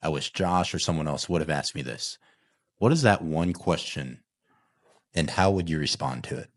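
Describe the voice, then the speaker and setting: A man hosting a podcast, asking his guest questions in a relaxed way. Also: rumbling low, moderate pace, no room sound, clean studio sound. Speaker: podcast host. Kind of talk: interview questions.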